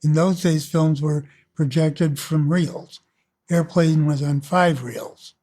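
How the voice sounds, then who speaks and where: A man narrating his own memories for an audiobook in a relaxed, unhurried way. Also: on the high side. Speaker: filmmaker. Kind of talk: oral-history audiobook narration.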